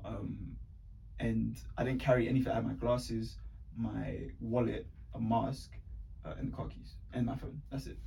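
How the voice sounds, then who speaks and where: A young man, casually telling stories in an animated, slangy way and acting out what people said. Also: on the low side, normal speed, vocal fry. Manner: animated, slangy, acts out voices in anecdotes. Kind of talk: casual chat, storytelling. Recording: distant mic with faint ambient noise.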